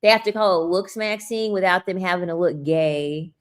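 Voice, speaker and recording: A woman's voice: lowish voice, normal speed. A young woman vlogging a blunt, profane, mocking rant to the camera. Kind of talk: ranting commentary.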